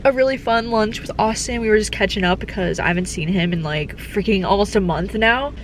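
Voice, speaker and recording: A woman's voice: medium pitch, fairly quick. A young woman vlogging in casual chat, gushing and laughing often, filling her talk with "like". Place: home room at night, speaking softly. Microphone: on-camera mic. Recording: background noise.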